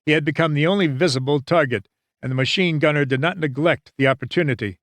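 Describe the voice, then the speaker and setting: A man narrating an audiobook in a measured, dramatic storytelling manner. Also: on the high side, fairly bright tone, no room sound. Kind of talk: scripted narration.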